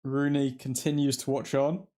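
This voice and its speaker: This man hosts a live football watchalong, reacting to the action as it unfolds and chatting with his viewers in a mix of match commentary and fan talk. His medium-pitched voice is warm and level, moving at a normal speed.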